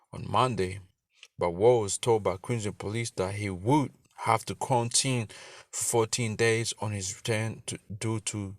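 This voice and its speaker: A man's voice: lowish voice, dry recording, studio quality. A man teaching casually, reading scripture and a news article aloud, stumbling and repeating words, with some swearing. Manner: stumbling, repetitive reading with profanity. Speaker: religious teacher. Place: in Australia.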